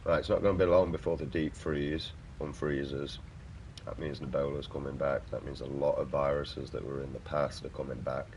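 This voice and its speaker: A young British man with a very deep voice, swearing and ranting casually while chatting to viewers on a stream. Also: little pitch movement, normal speed, a little mellow, a little hiss or hum. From United Kingdom. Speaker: gaming streamer. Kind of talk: casual livestream chat.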